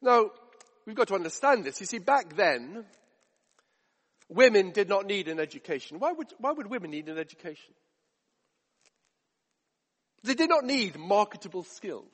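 A man's voice: high-pitched, very animated, normal speed, a bit bright, breathy edge, big-room sound. A man preaching a sermon, emphatic with rhetorical questions and repetition.

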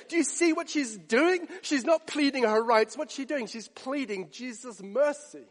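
High-pitched guy preaching a sermon, keeps asking the crowd questions, big echoey hall. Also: normal speed, hardly any pauses. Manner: animated, questioning the listeners directly. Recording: long hall reverb.

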